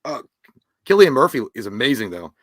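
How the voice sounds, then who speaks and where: A man's voice: mid-range voice, very animated, a little fast, fairly bright tone. A man co-hosting a podcast in casual, rambling, profane banter, laughing often. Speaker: podcast co-host.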